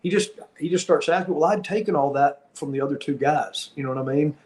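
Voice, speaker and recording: Man with a slightly high voice telling a story. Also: quick pace. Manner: animated, acts out the dialogue of the people in his story. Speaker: podcast host and former wrestler. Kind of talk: casual storytelling chat.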